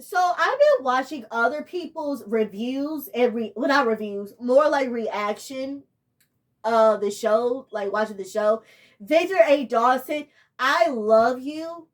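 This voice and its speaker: A woman's voice: high-pitched, animated, a little slow. A young woman, giving a casual, rambling and exasperated review of a TV show.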